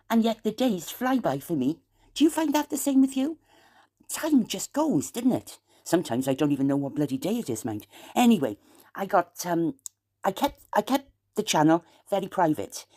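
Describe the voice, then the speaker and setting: A woman's voice: mid-range voice, dark tone. A woman with a South Welsh accent, chatting to camera in a rambling, wandering way and slipping in aggrieved asides. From South Wales. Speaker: vlogger. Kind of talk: rambling late-night chat to camera.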